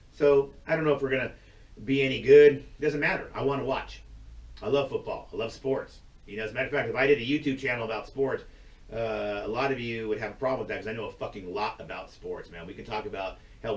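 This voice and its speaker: Speaking at a distance from the mic in a roomy-sounding space, a male YouTuber rants casually to camera. He has a fairly low pitch, talks bluntly with plenty of profanity, wanders from point to point, and laughs frequently.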